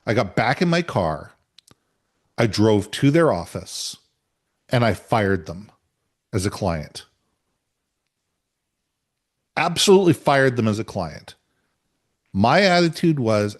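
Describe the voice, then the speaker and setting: A man's voice: mid-range voice, normal speed. Man, middle-aged, podcast co-host, emphatic, conversational storytelling. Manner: emphatic, animated when telling a story.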